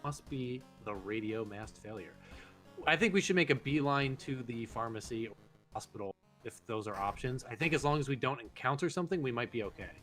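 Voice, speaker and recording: A man's voice: medium pitch, expressive, brisk, a bit bright, faint music behind. A man casually commenting on a horror game with a friend, reading its text aloud, swearing and laughing often. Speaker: let's play host.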